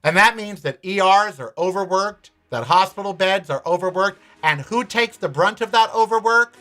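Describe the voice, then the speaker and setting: Delivering an opinionated monologue as host of a show, an American man shares a personal story and launches into a blunt, profane rant. His high-pitched voice is expressive, pushed, and bright, moving at normal speed.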